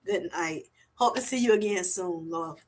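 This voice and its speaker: A woman's voice: fairly low pitch, moderate pace. A woman hosting a casual livestream, chatty, filling her talk with "you know" and "y'all" as she reads viewer comments aloud. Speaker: livestream host.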